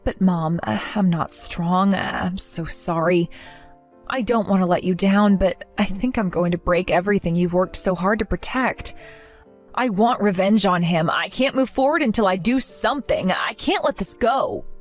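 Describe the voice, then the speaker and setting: A woman's voice: medium pitch, normal speed, soft background music, natural voice. A young woman playing a jilted bride who talks earnestly and with strong emotion. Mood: tearful. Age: young adult. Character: jilted young bride, hurt but determined.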